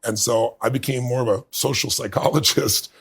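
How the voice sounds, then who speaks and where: Gravelly husky man telling his story. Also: medium pitch, normal speed. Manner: earnest, building to bursts of excitement. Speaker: guest. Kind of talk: storytelling interview talk.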